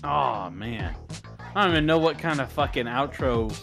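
A man's voice: medium pitch, lively intonation, normal speed, creaky, music in the background. A man co-hosting a casual meme chat, goofy and swearing freely. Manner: goofy, mock-announcer when joking. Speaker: meme video co-host. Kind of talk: casual chat reacting to memes.

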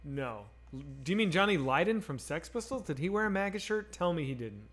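Slightly high and a bit bright, his voice is very animated and a little fast as he games live and responds to chat. The talk is casual, profane, meandering and candid.

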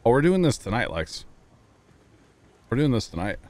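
A man's voice: medium pitch, very animated, normal speed, a little mellow, no room sound. A man streaming a game live, chatting casually and thanking viewers, easygoing and reflective. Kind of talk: casual livestream chat.

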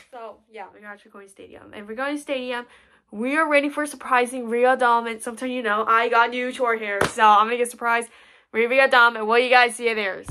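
A young woman chatting excitedly in a casual vlog, rambling with lots of fillers. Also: high-pitched. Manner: excitable, rambling, frequent "so basically". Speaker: vlogger.

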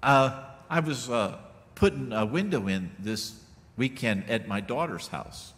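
A middle-aged male pastor gives a sermon in a relaxed, folksy manner. His voice swings widely in pitch as he talks to the congregation. The sound rings with the long reverb of a church sanctuary. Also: a little slow. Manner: folksy, conversational preaching with many asides.

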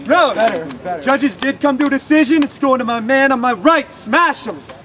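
A man's voice: very high-pitched, moderate pace. A man hosting a rap battle outdoors, calling the rounds in brief, casual announcements. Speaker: battle host. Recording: loud street noise and crowd outdoors.

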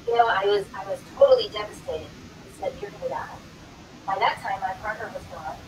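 A woman's voice: mid-range voice, big pitch swings, normal speed, reverberant. A middle-aged woman, a guest on a talk show, telling her personal story dramatically and acting out the dialogue. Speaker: guest, wellness coach. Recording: distant mic, clear background noise.

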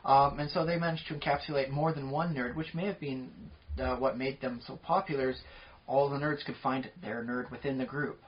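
A podcast co-host with a medium-pitched, fairly even voice talks briskly in casual chat, rambling at length with lots of fillers. The audio is dull lo-fi podcast quality.

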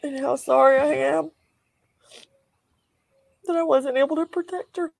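An older grandmother speaks through tears in a news interview, soft and grieving. Her voice sits high and gravelly, recorded close and dry. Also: fairly even intonation, a little slow, no room sound. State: tearful.

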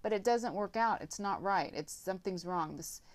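A woman's voice: mid-range voice, normal speed. A woman giving a casual tarot reading, rambling with lots of filler words and some blunt swearing. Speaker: tarot reader.

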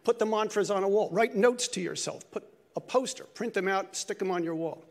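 An older man with a high-pitched voice gives a lightning talk at a conference, speaking a little fast. His manner is earnest and reflective, and he occasionally corrects himself mid-phrase.

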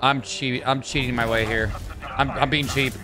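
A man's voice: medium pitch, fairly even intonation, normal speed, over music. A young adult man playing a video game and commenting with frustrated, swearing outbursts. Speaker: gaming YouTuber. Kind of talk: let's play commentary.

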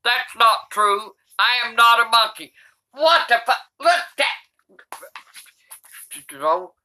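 Cranky foul-mouthed older grandma, slow and sharp. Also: female voice, on the high side, expressive. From United States. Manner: cranky, swears constantly, shouts in outrage. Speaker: comedy YouTuber grandmother. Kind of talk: comedic reading aloud.

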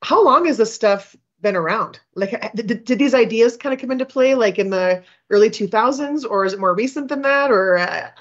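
A woman's voice: a little high, normal speed, hardly any pauses, lo-fi sound. A woman from Minnesota hosting an interview, chatty and rambling with frequent restarts. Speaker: podcast host. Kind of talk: podcast interview.

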